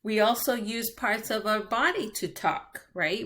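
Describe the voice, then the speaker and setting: Slow, patient bilingual teacher woman. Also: on the high side, a bit bright. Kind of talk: bilingual classroom lesson.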